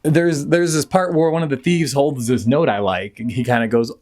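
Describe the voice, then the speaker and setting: A young man giving a sarcastic, jokey recap of an animated movie as a reviewer, now and then mimicking the characters. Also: medium pitch, moderate pace.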